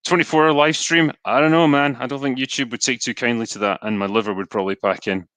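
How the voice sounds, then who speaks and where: A man's voice: medium pitch, fast, dry recording. Scottish man chatting on livestream. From Scotland. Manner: relaxed, chatty, frequent ums and asides. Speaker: livestream host reading donations. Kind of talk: casual live stream chat.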